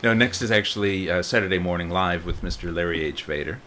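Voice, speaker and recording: A New Zealand man hosting a loose chat show with guests. He keeps an easygoing, lightly wry tone in a somewhat low voice. A faint noise sits under the recording. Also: fast, pushed and bright. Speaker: show host. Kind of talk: casual comedic chat.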